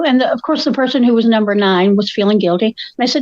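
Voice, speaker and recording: A woman's voice: fairly high pitch, lively intonation, fast, no room sound, lo-fi sound. An older woman, a co-host telling stories in casual chat, feisty and acting out the voices of the people she quotes.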